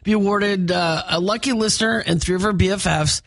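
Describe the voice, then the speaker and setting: A woman's voice: mid-range voice, a little fast, dry recording. A woman hosting a live morning radio show, chatty and full of fillers. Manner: chatty, many fillers and restarts. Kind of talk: upbeat live radio banter. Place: radio studio.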